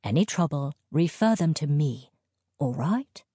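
A woman's voice: deep voice, animated, measured pace, warm tone, breathy edge, no room sound, heavily acted. A woman voicing a man in his late thirties, a mining engineer who talks in a dry, clipped, dismissive way. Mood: firm.

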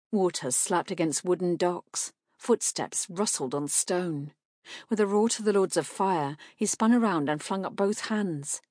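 A woman reading a fantasy novel aloud in steady, measured scripted narration. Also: on the low side, dry recording, studio quality. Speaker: audiobook narrator.

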